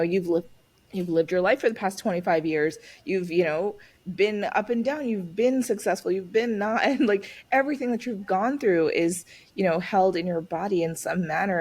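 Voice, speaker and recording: A woman's voice: on the low side, husky. A woman guest on a podcast, chatting casually and animatedly acting out the voices in her stories. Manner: animated storyteller, acts out quoted voices. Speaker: guest author.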